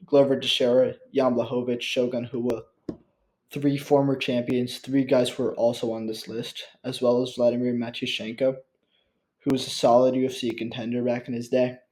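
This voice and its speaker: Guy doing a chill one-take vlog into his computer mic, kinda stumbly, lots of ums, mellow voice. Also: medium pitch. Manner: halting, with frequent fillers and restarts. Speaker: channel host. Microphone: built-in computer mic.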